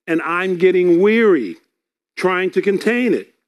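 A man's voice: sits high, animated, a little slow. A man preaching a sermon, reading scripture aloud and explaining it earnestly, often repeating words.

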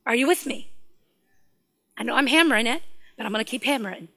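A middle-aged woman, preaching a sermon and telling a personal story in an animated way, laughing often and swinging from hushed to loud. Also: sits high, fairly quick. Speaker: guest preacher.

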